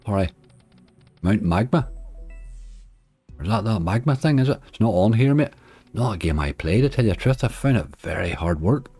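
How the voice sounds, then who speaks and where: Male streamer, very low voice, easygoing chat with viewers, soft slot music behind. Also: animated, moderate pace, pauses often, breathy edge. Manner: chatty, answers viewers' chat comments. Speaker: slots streamer. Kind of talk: casual livestream chat.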